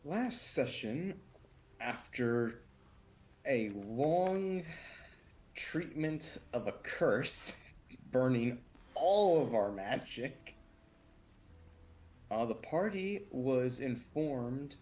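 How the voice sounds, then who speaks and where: Slow, unhurried tabletop player. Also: medium pitch, expressive, darkish tone. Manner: unhurried, with fillers and self-corrections. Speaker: player giving the recap. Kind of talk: casual recap of last session.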